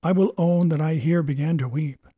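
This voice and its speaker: A man reading a storybook aloud in measured, even narration. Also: a little high, husky, no room sound, lo-fi sound. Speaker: audiobook narrator. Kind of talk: scripted narration.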